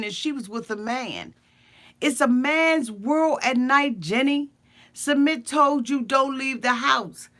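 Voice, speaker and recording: Woman, sassy comedic recap, blunt and profane, bright tone. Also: a little high. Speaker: show recap commentator. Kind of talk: comedic reality show recap.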